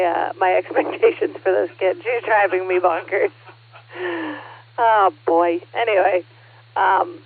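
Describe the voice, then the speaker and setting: A woman running a ham radio net as net control, chatty and quick to laugh. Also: medium pitch, breathy edge. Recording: narrow ham radio transmission.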